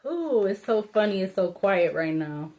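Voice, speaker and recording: A woman's voice: medium pitch, sing-song, a little slow, a little mellow. A woman giving a casual solo tarot reading, thinking aloud, rambling and laughing to herself, blunt and informal. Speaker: tarot reader.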